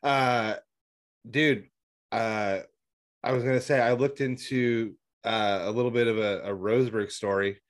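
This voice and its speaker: A man's voice: mid-range voice, fairly even intonation, unhurried. A man co-hosting a podcast in casual chat, teasing and crude, often laughing. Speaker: podcast co-host.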